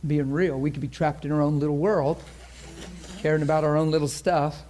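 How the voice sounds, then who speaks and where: A man's voice: fairly high pitch, flat delivery, a little fast, a little mellow. A man preaching a sermon to a congregation, telling a story in an earnest, conversational way and acting out the voices of the people in it. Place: church in front of a congregation.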